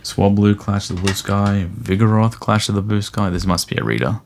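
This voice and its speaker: A man's voice: on the low side, normal speed, creaky, background noise. A man chatting casually and thinking aloud as he flips through graded trading cards for his vlog. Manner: rambling, easygoing, thinks aloud. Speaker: card collector vlogger.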